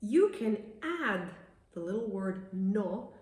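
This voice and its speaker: A woman teaching in a video lesson, recorded in a room with a clear echo. She is chatty and explains patiently. She slows down to read each example sentence clearly. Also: mid-range voice, very animated, a little mellow. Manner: chatty, laughs at her own examples. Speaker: Italian language teacher.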